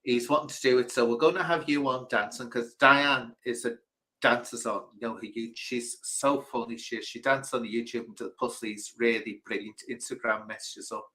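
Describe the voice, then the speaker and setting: Animated man telling stories. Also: medium pitch, moderate pace, low-quality recording. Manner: animated storyteller, mimics people in quotes. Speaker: host. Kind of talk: casual livestream chat.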